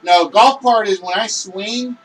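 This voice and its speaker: A man hosting a livestreamed list game show, talking loudly and excitably and chatting with his viewers. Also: high-pitched, a little slow, recorded from a distance, rough recording.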